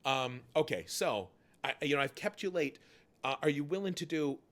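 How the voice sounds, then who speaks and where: Animated storytelling man hosting a stream. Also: fairly high pitch, normal speed. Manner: animated storyteller, swears freely. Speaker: host. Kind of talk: casual charity stream chat.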